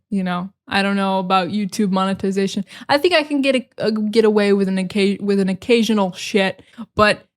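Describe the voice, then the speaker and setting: Expressive sarcastic American woman. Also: medium pitch, clean tone. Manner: expressive, sarcastic, dramatic rants. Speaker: podcast host. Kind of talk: casual solo podcast chat.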